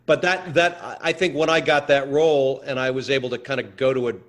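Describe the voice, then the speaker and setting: Male actor guest, mid-pitched, stop-start storyteller, repeats himself. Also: fairly even intonation, fairly bright tone. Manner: halting, repeats words, storytelling. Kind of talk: anecdotal interview chat.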